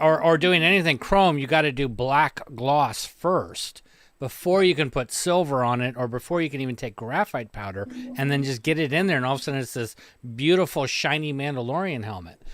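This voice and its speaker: A man chatting casually as co-host, emphatic and quick to repeat words as he starts. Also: medium pitch, a bit bright, dry recording, clean studio sound. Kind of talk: casual chat.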